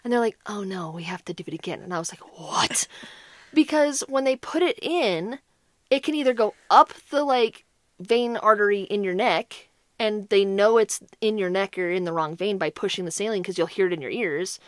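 A woman's voice: mid-range voice, normal speed, dry recording, clean studio sound. A woman co-hosting a podcast. She tells a story in casual chat, full of "like". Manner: animated storyteller, heavy use of "like". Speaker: podcast co-host.

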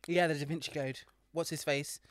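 A man co-hosting a casual podcast chat, telling stories with lively acted-out quotes. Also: fairly high pitch, fairly quick. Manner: animated storyteller, acts out quotes. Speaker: podcast co-host.

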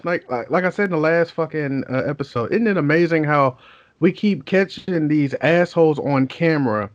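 Rambling podcast host, dry sound. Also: male voice, a little high, normal speed, no room sound, muffled recording. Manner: rambling, filler-heavy, profane. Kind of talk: casual chat.

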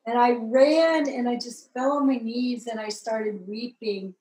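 A woman from Southern California telling her conversion story in a lively, expressive way, acting out the people she met. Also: fairly high pitch, unhurried, echoey room, rough recording. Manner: lively, acts out voices in the story, rises to excited peaks. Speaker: guest telling her testimony. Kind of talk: animated personal storytelling.

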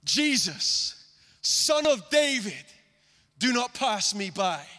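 A man acting out a desperate blind beggar, shouting loud pleas for help. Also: very high voice, big pitch swings, slow, in a large hall, voice pushed up, heavily acted. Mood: desperate pleading.

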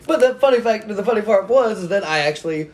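A man's voice: high voice, animated, fast. Self-mocking man telling a story. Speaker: podcast guest, author. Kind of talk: casual podcast chat.

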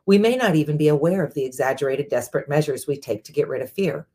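A woman with a low voice reads book passages aloud in a measured, steady way. She breaks off now and then for her own casual asides as the show's host. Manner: measured reading with personal asides. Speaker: host, CEO.

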